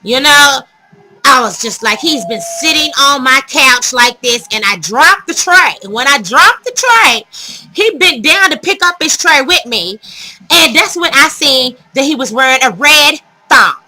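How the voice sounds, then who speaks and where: A woman vlogger telling a dating story to her viewers in casual, animated storytelling, dramatic and laughing as she goes. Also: high voice, unhurried, rough recording.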